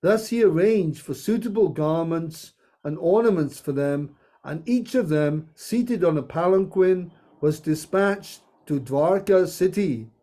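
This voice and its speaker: Guy reading a holy story to a group, high mellow voice, takes his time, jokey asides. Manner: slow storytelling with playful asides and laughs. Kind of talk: reading scripture aloud to a group.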